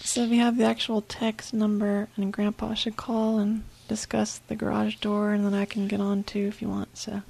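Gravelly-voiced woman co-host. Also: mid-range voice, completely flat delivery, moderate pace, few pauses, a little mellow. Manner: chatty storytelling with frequent "like". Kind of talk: casual chat over a voice call. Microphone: online voice call.

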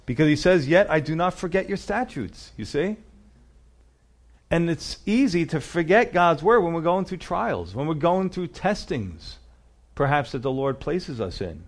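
A man's voice: fairly high pitch, sing-song, unhurried. A man preaching a sermon, earnest and emphatic, often adding "you know" and "you see". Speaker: pastor.

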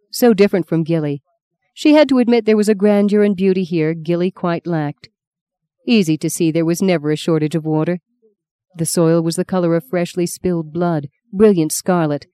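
Low, mellow female audiobook narrator. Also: smooth, no echo. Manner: steady, measured reading. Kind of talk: scripted narration.

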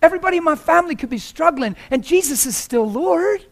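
High-voiced preacher, impassioned. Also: male voice, expressive, fast. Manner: impassioned, rising to shouts. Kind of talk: sermon.

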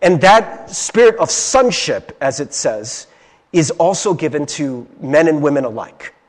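A man's voice: on the high side, expressive, measured pace. A young man from Ohio preaching a conversational sermon, earnest and confiding, often checking in with his listeners. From Ohio, USA.

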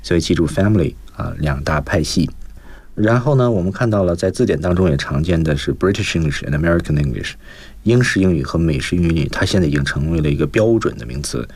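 A man's voice: deep voice, expressive, fast, a little mellow, no room sound. A man hosting a radio English lesson, explaining vocabulary and stressing each point for students. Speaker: English teacher, host.

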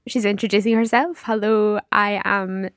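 Female student, mid pitch, dry close sound, careful guessing answers. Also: steady tone, normal speed, dry recording. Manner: tentative, guesses answers as questions. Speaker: learner. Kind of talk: answering in a language lesson.

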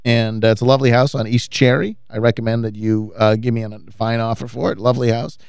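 A man's voice: medium pitch, little pitch movement, fast talker, creaky, a little mellow, clear, resonant tone, no echo, clean studio sound. A man co-hosting a radio show in casual banter, with a sardonic, self-deprecating way of talking.

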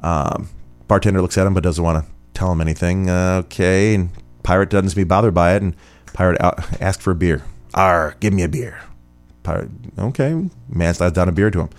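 A man's voice: deep voice, flat delivery, fast talker, darkish tone, clean tone, soft background music. A man hosting a podcast, answering listener questions in a rambling, chatty way. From Rochester, New York. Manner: rambling, chatty, many fillers. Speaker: podcast host. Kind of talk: casual listener Q&A.

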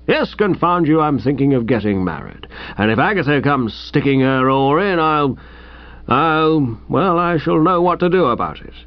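A man's voice: a little high, dry recording. A man voicing a stout, pompous older uncle, a clubman smitten with a young girl, in a musing way. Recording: dull dry recording.

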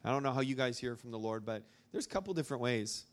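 Fast and lively in intonation, this mid-range male voice belongs to a young man from Arkansas, USA. He's at a church gathering, informally rambling through a story before a live audience, full of fillers.

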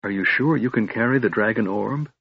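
A man voicing a determined young elven princess who gives quiet, urgent instructions. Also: fairly low pitch, fairly quick, creaky, slightly rough, no room sound, muffled recording. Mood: whispering.

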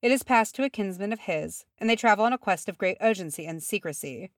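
A woman voicing a composed, elegant male elf envoy who speaks in a measured, formal way. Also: medium pitch, expressive, no echo, clean studio sound, voice pushed up, close to an everyday voice.

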